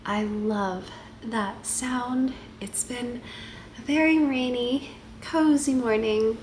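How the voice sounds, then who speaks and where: Stuffy-nosed woman vlogging at home, slightly high voice, soft relaxed chat, some noise in the background. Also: takes it slowly. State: congested from a head cold. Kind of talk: casual chat to camera.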